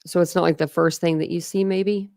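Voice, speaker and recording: A young woman who hosts a true crime channel chats casually to her livestream viewers in a lowish, steady, slightly mellow voice at a brisk pace. She rambles, with lots of "like"s and restarts.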